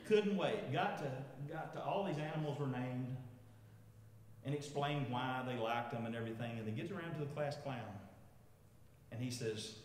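A man's voice: medium pitch, normal speed, darkish tone, slight background noise. A man, preaching a sermon and telling a funny story, chuckling as he goes and asking the congregation questions. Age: 50s. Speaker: pastor. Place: large echoey church sanctuary. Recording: echoey church hall with long reverb.

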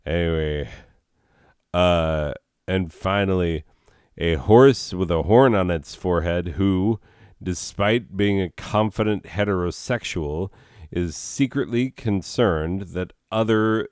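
A man with a low, smooth voice drawls through a game's text at an unhurried pace. He rambles and keeps breaking off for sarcastic jokes and filler words. The sound is dry and close, with no room around it. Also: darkish tone, dry recording. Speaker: let's play host. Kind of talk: casual commentary reading in-game text.

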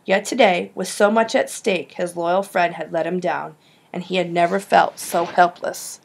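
A woman reading a children's novel aloud, with lively shifts in pitch on the dialogue. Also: normal speed, vocal fry, a little hiss or hum. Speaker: audiobook reader. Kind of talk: storybook narration.

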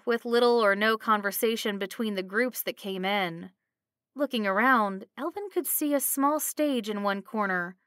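A woman narrating a fantasy storybook in an even, clear storytelling manner. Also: on the high side, no echo, studio quality.

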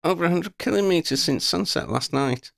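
A woman's voice: fairly low pitch, expressive, a little fast, vocal fry, no room sound, clean studio sound, voice pushed up. A man voicing a confident, playful young witch who leads her friends with wry teasing.

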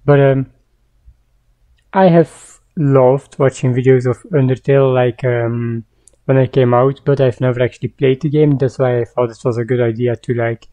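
Low-voiced woman rambling through a game. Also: fairly even intonation, normal speed, dark tone. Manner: chatty, rambling, lots of fillers. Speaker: gaming youtuber. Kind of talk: casual game commentary. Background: game music.

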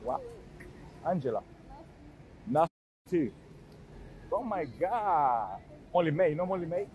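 A man's voice: a little high, big pitch swings, unhurried, a little mellow, slight background noise. A young man, bantering and teasing strangers on a busy in casual vlog style.

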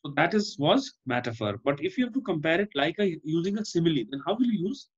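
A man's voice: a little high, sing-song, quick pace, husky, lo-fi sound. A male teacher with an Indian English accent, giving an online class and explaining by repeating himself and asking "Fine?". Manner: explains by repetition, often asks "Fine?".

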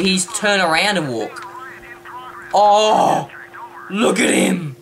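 An excitable woman, gushing and squealing over a let's play. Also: mid-range voice, moderate pace, a little hiss or hum. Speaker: gaming channel host.

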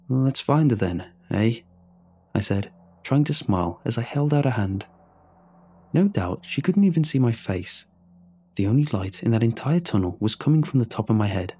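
A man telling a scripted horror story in a measured, tense way. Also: lowish voice, darkish tone, breathy edge.

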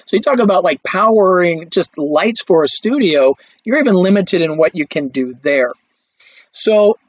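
A man's voice: on the high side, husky, dry recording. Chatty male film lecturer, dull recording. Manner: conversational, with frequent fillers and restarts.

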